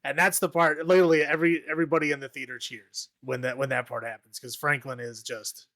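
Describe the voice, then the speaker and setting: A man's voice: mid-range voice, level tone, quick pace, fairly bright tone, no room sound, clean studio sound. A man casually recapping a horror movie on a podcast, rambling, laughing often and acting out the characters' lines. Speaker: podcast co-host.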